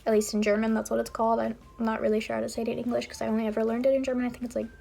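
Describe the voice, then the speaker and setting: Chatty young woman, slightly high voice. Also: flat delivery, very fast, creaky, warm tone. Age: young adult. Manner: chatty, rambling with frequent ums and likes. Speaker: vlogger. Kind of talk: casual storytelling to camera.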